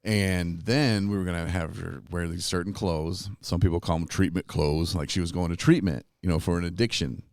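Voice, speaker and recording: Low-voiced man telling animated stories. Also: moderate pace, few pauses, dry recording, clean studio sound. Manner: animated, laughs often while telling stories. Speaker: podcast host. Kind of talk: casual storytelling chat. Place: recovery retreat.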